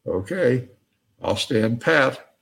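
A man voicing an anxious shopkeeper, hesitant and pleading, with a husky voice. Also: mid-range voice, expressive, very slow, a bit bright, voice pushed up, exaggerated voice. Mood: relieved. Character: anxious ordinary male shopkeeper, easily bossed around.

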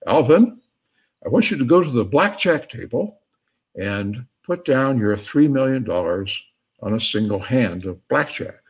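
A man voicing a bossy, booming divine voice that gives insistent, deadpan orders, with a husky tone. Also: unhurried. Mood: commanding. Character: commanding booming male divine voice.

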